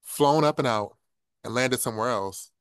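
A man's voice: medium pitch, normal speed, fairly bright tone, smooth, dry recording. A man in a casual film discussion, talking animatedly and acting out characters' lines in playful voices.

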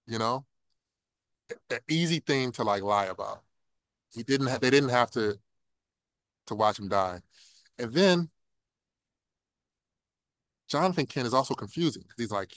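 An animated man chatting casually about a film, jumping into playful voices for the characters he quotes. His voice is mid-pitched and lively, recorded dry and close. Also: moderate pace, long pauses, dry recording.

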